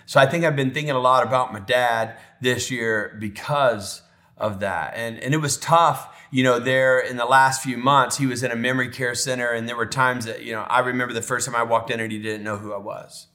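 A male pastor tells a personal story from the pulpit at a medium pitch. He talks in a heartfelt, conversational way and often drops into soft, slow pauses. His tone stays warm and plain rather than showy. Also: steady tone. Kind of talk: sermon storytelling.

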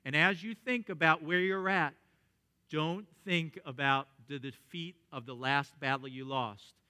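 A man preaching a sermon, reading scripture and speaking earnestly and with emphasis, sometimes dropping into quieter asides. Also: on the high side, a little slow, clear, resonant tone. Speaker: pastor.

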